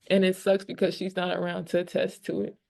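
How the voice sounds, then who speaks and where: A woman's voice: on the low side, monotone, normal speed, gravelly, darkish tone. A young woman basketball player answering press conference questions in a candid, reflective way with many fillers.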